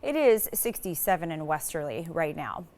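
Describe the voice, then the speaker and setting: A woman's voice: low voice, very animated, normal speed, darkish tone. A woman meteorologist giving a live TV weather forecast in a casual, rambling way, starting many sentences with "so" and restarting a few phrases.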